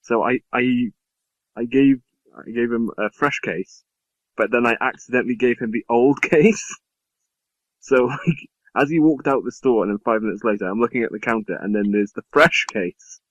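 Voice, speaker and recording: A man's voice: medium pitch, moderate pace, no room sound. A young man telling a rambling, self-mocking story in a casual podcast chat with friends. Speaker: podcast co-host. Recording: dull lo-fi mic.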